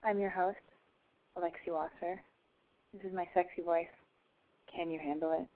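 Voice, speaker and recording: A woman putting on a hushed mock-sultry seductress voice. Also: fairly even intonation, normal speed, natural voice. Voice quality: low, hushed, breathy. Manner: mock-seductive, self-mocking. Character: sultry breathy seductress version of herself. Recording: tinny phone-like sound.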